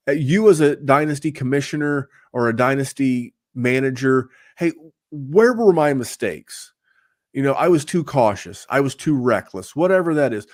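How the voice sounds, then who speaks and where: A man's voice: mid-range voice, a little mellow, dry recording, studio quality. A man hosting a fantasy football podcast in casual chat, rambling with fillers and restarts. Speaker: podcast host.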